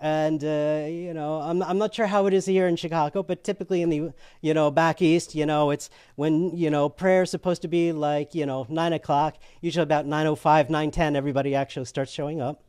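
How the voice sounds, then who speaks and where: Animated man telling a story. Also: fairly high pitch, a little fast, hardly any pauses, clean tone, no room sound, clean studio sound. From United States. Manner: animated, acts out voices in his story, laughs often. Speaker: guest. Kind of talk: storytelling in a conversational interview.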